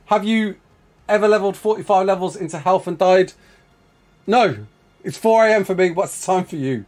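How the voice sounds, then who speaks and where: Streaming a survival game live, this high-pitched young Brummie from the West Midlands, England, rattles through chat questions with excitement and frequent laughter.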